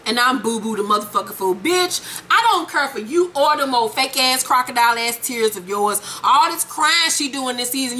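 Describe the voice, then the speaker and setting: Female gossip host, high and bright, sassy and profane, mimics the people she recaps. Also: slight background noise. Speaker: host recapping a reality show.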